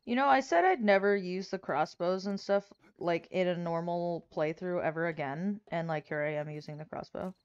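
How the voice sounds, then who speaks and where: A woman's voice: fairly low pitch, clean tone, no room sound, dull audio. An American woman hosting a co-op game session, chatting casually and laughing often at herself. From United States. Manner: giggly, quick to laugh at herself. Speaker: co-op game host. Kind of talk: casual gaming chat.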